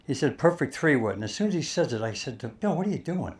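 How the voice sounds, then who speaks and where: Older guy spinning a golf yarn on stage, animated, does the voices. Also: a little high, fast. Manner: animated storyteller, acts out quotes. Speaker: speaker telling a caddie story. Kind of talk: storytelling talk to an audience.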